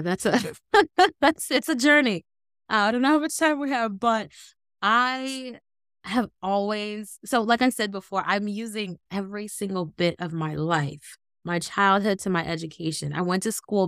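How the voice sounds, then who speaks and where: A woman in her thirties, a guest on an interview, telling her story in an animated, earnest way. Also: mid-range voice, clean tone, no echo, clean studio sound. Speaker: guest, entrepreneur.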